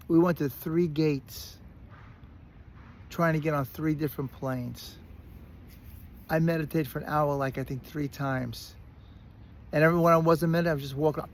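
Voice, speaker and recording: Brooklyn guy with a gravelly voice, pitched a bit high, talks loose and animated, faint hiss behind. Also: moderate pace, pauses often. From Brooklyn, New York. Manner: animated, restarts and repeats words. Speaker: recovery speaker. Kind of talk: casual storytelling monologue.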